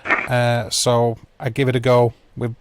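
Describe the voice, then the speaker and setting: A man's voice: medium pitch, monotone, unhurried. A man hosting a livestream, chatting casually and rambling with viewers by name, with dry self-mocking humour. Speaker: livestream host. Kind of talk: casual chat with a live chat. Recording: loud background noise.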